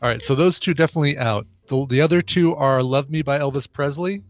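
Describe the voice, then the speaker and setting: A man's voice: fairly high pitch, quick pace, faint music behind. A man co-hosting a casual podcast, thinking aloud through quiz answers with a hesitant, musing way.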